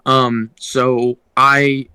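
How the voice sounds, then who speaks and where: A man's voice: mid-range voice, little pitch movement, very slow, bright, forceful tone, smooth, no room sound, rough recording. A young man co-hosting a podcast, telling a work story casually, rambling with ums and restarts. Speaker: podcast co-host.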